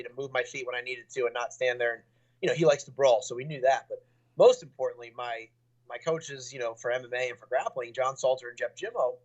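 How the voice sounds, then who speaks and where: A man's voice: on the high side, muffled recording. A young adult man, a fighter, talking casually in an interview, rambling with lots of fillers and restarts.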